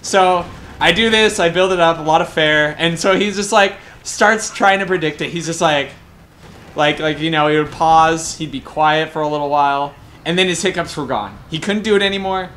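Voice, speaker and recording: A young man from Colorado rambles through excited anecdotes as a game caster, swearing freely in loose, casual chat. His voice sits a little higher than most men's. A faint background hiss runs under the recording. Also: moderate pace. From Colorado, USA. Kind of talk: casual storytelling during a game broadcast.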